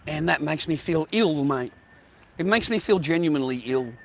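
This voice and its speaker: A man livestreaming, ranting angrily at his viewers, swearing a lot and repeating himself, sometimes dropping to a low quiet menace. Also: animated, moderate pace, vocal fry, a little hiss or hum. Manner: swears constantly, repeats phrases, berates viewers; drops low and quiet when threatening. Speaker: livestreamer talking to his chat. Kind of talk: angry rant to chat.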